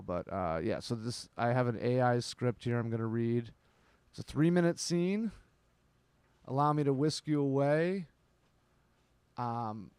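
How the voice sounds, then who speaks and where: A man's voice: medium pitch, gravelly, darkish tone, clear, resonant tone, dry recording. A man hosting a comedic show, rambling and sardonic, swearing often. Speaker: host. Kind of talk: casual comedic chat.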